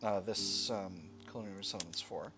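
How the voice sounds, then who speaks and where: Over game music and some background noise, a man plays a strategy game for a let's play, commenting casually, thinking aloud, and frequently correcting himself. His voice is low-pitched at a moderate pace.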